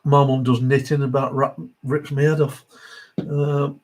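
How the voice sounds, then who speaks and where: A man's voice: medium pitch, level tone, a little slow, darkish tone, low-quality recording. Chatty man reading stream comments. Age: middle-aged. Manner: chatty, reads viewer comments aloud, many fillers. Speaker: host of a live Q&A stream. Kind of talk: casual live-stream chat reading comments.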